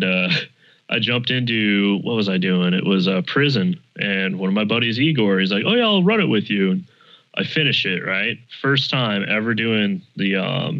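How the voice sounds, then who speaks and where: A man in casual chat, telling gaming stories with animated energy and casual swearing. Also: fairly low pitch, normal speed. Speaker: podcast guest. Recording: dull lo-fi mic.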